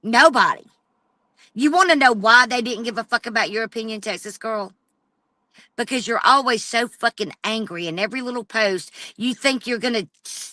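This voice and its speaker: A woman's voice: on the high side, bright, forceful tone, no echo. A woman livestreaming an angry, profane rant straight at a rival. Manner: profane and confrontational, addressing a rival directly.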